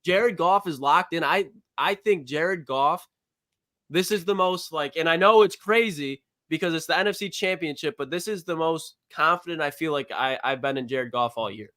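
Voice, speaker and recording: A young man co-hosting a sports podcast in casual, excitable chat, laughing often and ribbing his co-host. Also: fairly high pitch, normal speed, no room sound. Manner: excitable, laughs often, trash-talking banter.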